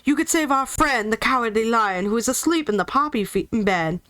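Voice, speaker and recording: A woman voicing an eager, well-meaning scarecrow who talks quickly and earnestly in a storybook reading. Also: fairly high pitch, lively intonation, bright, forceful tone.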